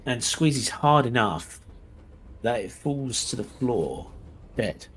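A man narrating as game master, halting often with ums and small self-corrections, and sometimes laughing as he describes the scene. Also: mid-range voice, expressive, a bit bright, a little hiss or hum.

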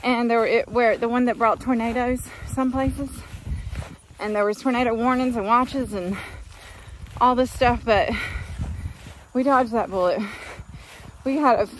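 Chatty farm woman, bright-pitched. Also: a little slow, slight background noise. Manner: chatty, folksy, rambling. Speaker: farm vlogger. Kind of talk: casual vlog chat. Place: outdoors on a farm.

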